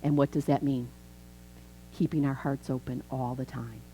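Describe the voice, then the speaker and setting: A woman in her fifties, a minister, preaching a chatty, animated sermon in a church. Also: extremely low pitch, moderate pace, slight background noise, poor audio. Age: 50s. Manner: animated, chatty, acts out quoted voices. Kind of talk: conversational sermon.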